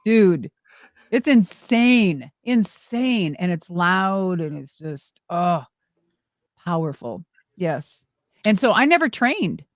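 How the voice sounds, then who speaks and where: A middle-aged woman, a former wrestler and monster truck driver, telling stories in an animated, exclamatory way as an interview guest. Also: lowish voice, takes it slowly, no echo, studio quality. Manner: animated, exclamatory, acts out quoted dialogue. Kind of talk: casual storytelling interview.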